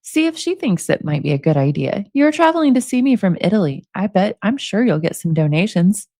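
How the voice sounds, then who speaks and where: A woman in her forties reads emails aloud in a casual commentary, breaking off to make sarcastic, amused remarks. Her pitch sits in the middle, and the recording is close and dry with no room sound. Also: very animated, brisk, mellow, no room sound. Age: 40s. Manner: amused, sarcastic, laughs often. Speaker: commentary host reading prison emails.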